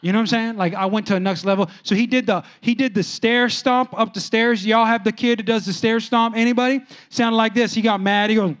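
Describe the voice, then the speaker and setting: A man preaching a sermon with audience interaction, telling casual stories and swinging from soft, low asides to loud, excited peaks. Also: fairly quick, few pauses, clear, resonant tone. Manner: animated, jumps sharply higher and louder when excited, then drops soft; conversational, storytelling preacher with casual slang. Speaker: pastor.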